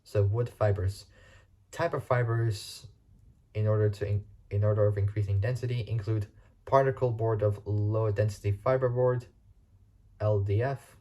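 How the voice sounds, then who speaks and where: A man's voice: on the low side, dark tone. A man reading car facts aloud for a casual video, stumbling and restarting often and spelling out words he can't pronounce.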